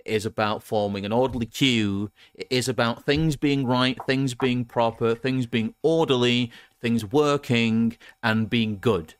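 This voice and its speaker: A man's voice: mid-range voice, measured pace, hardly any pauses, clear, resonant tone, no room sound, clean studio sound. A man from England hosting a casual political talk show, rambling with frequent restarts and laughs. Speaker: podcast host.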